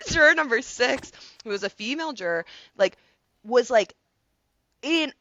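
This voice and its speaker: A woman, a public defender, retelling a courtroom moment on a podcast, expressive, giggly and casually profane. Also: high voice, measured pace, lo-fi sound.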